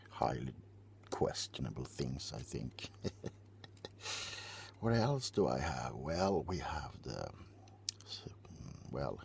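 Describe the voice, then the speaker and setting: Man, whispered ASMR rant, deep gravelly tone, soft rambling delivery. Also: big pitch swings, takes it slowly, pauses often, slight background noise. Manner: drifts between whisper and quiet voice. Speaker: ASMR channel host.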